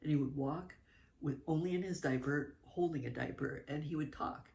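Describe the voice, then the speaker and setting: Gravelly-voiced woman telling stories. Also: low voice, moderate pace. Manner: animated, laughing, with fillers and asides. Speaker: mother telling family stories. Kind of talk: casual spoken storytelling.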